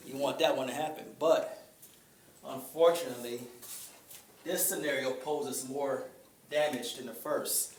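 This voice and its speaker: A man giving an informal talk to a group, conversational, pausing often with fillers. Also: mid-range voice, fairly even intonation. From Chicago. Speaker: speaker. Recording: echoey room with faint ambient noise.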